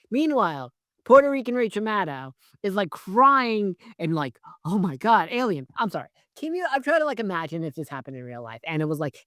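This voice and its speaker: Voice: mid-range voice, a bit bright, no echo, clean studio sound. A film reviewer in a vlog, ranting sarcastically with lots of swearing and rambling filler words. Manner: profane, sarcastic, exasperated rant; rambling, heavy use of "like" and "right?". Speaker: movie reviewer.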